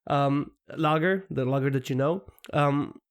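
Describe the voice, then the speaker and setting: A young man with a slightly higher voice cracks jokes and spins playful stories in a relaxed podcast chat. He often laughs through his own punchlines. His tone is loose and informal. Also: measured pace, clean tone. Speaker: podcast co-host. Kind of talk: casual banter.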